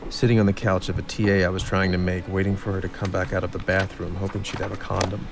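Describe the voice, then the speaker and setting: Gravelly film narrator. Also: male voice, sits low, little pitch movement, quick pace, noisy background. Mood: reflective. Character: man narrating his own story in film voice-over.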